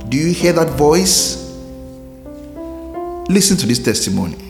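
A man's voice: fairly high pitch, big pitch swings, unhurried. A man hosting a devotional, speaking earnestly and asking repeated questions. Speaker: devotional host. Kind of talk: slow devotional reflection. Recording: roomy reverb with soft music.

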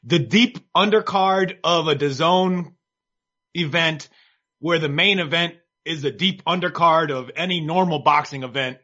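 A man with a fairly high voice rambles through casual podcast chat, cracking wry jokes as he goes. The recording sounds dull and slightly lo-fi. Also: measured pace, sharp tone. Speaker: boxing podcast co-host.

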